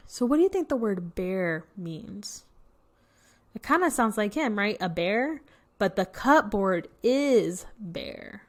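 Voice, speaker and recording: A woman's voice: medium pitch, sing-song, takes it slowly. A woman reading a picture book to children, patiently explaining words and asking questions. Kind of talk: read-aloud lesson.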